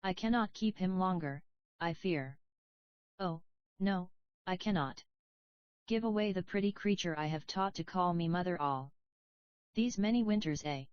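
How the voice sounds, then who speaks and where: A woman voicing a big, ugly, possessive old toad mother, gruff and coarse, in a dull lo-fi recording. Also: fairly low pitch, measured pace, long pauses, dry recording, close to an everyday voice. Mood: anxious.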